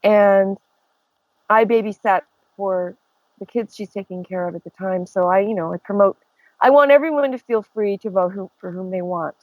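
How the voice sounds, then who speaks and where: An older woman on a call-in podcast trades celebrity stories with a gossipy, animated delivery. Her voice sits at a middle pitch and sounds dry and close, with no room around it. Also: moderate pace, no room sound, lo-fi sound. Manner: gossipy, animated storyteller who laughs often. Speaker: guest. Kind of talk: casual chat. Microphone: remote call.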